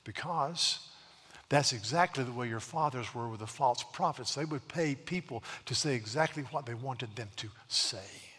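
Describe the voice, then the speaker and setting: A middle-aged man preaching a sermon to his church, earnest, slowing down to stress words and often repeating himself. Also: medium pitch, sharp tone, husky. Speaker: pastor. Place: church sanctuary. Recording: long hall reverb.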